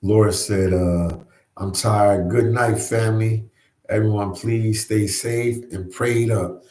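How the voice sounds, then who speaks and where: Easygoing low-voiced man livestreaming. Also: fairly even intonation, slow, darkish tone, reverberant, low-quality recording. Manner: easygoing, repeats phrases, says "man" often. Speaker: livestream host reading viewer comments. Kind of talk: casual live chat. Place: New York.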